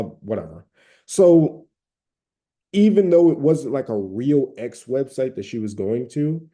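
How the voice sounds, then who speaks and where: A man's voice: on the low side, warm tone. A man from Atlanta with a Southern accent, giving casual, conversational advice about recovering from a habit, with many fillers and hedges. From Atlanta, Georgia.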